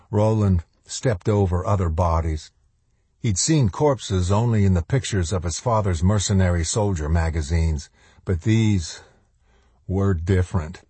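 A man reads a novel aloud in a low, dark voice with a husky grain. His pacing is measured and slows down for the weightiest lines. The recording is dry and close, with no room sound. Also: no room sound. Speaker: audiobook narrator. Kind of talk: scripted narration of a novel.

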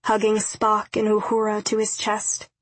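A woman narrating an audiobook in a steady, measured reading. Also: mid-range voice, dry recording, rough recording. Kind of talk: scripted narration.

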